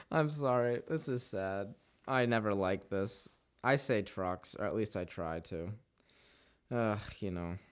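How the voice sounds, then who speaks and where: A man's voice: lowish voice, slow pace, clean tone. A man voicing narration who often stumbles over words, apologizes and rambles between takes. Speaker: voice actor reading narration. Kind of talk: script read-through with outtakes.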